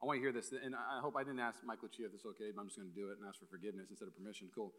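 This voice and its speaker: A young man preaching a sermon as pastor, energetic and full of joking asides. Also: lowish voice, rapid-fire. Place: church hall.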